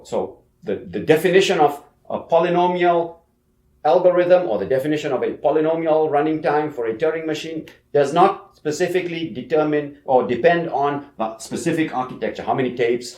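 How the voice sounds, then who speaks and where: A man teaches a university class, talking through ideas casually and checking in with his listeners as he goes. His pitch rises and falls in a lively way. The sound echoes as if recorded in a large lecture room. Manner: conversational, frequent "okay" and "you know", emphatic.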